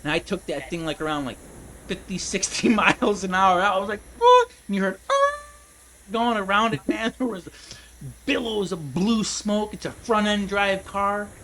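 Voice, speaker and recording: A man's voice: high voice, moderate pace, bright, forceful tone, a little hiss or hum, poor audio. Rambling, laughing man telling stories. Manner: rambling, laughs a lot, says dude and man. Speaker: gaming streamer. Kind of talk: casual storytelling while gaming.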